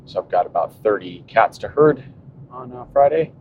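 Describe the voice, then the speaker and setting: A cycling podcast host and coach in his fifties records a solo episode from a moving car, his voice expressive at a moderate pace. He muses aloud with wry sarcasm, and the audio is muffled by road rumble.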